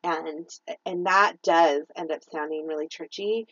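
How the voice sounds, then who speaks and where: A woman's voice: low voice, steady tone, a little slow, a bit bright, no room sound, highs cut off. A woman co-hosting a podcast, talking earnestly and reflectively in a casual faith chat, with frequent restarts. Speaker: podcast co-host.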